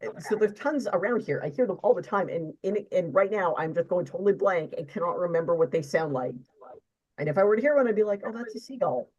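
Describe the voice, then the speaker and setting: A woman's voice: lowish voice, lively intonation, quick pace, a little mellow, highs cut off. A woman co-hosting a casual live chat, rambling and wry. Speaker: co-host.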